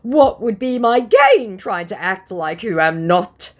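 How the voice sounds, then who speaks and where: A woman's voice: mid-range voice, very animated, slow pace, pitched above the performer's own voice. A woman voicing a pleading young male online scammer who wheedles and begs. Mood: smarmy.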